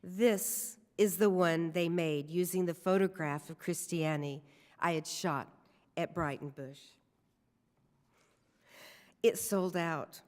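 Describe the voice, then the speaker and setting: A woman giving a personal storytelling sermon at a church service, speaking in a deliberate, reflective way. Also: on the low side, fairly even intonation, darkish tone. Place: church sanctuary. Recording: long reverb of a church hall.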